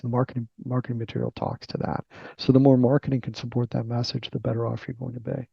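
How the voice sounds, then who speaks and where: A man with a Boston accent, a company CEO answering interview questions in a halting way, with many fillers and restarts. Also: mid-range voice, level tone, vocal fry, slightly rough, no room sound, dull audio. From Boston area.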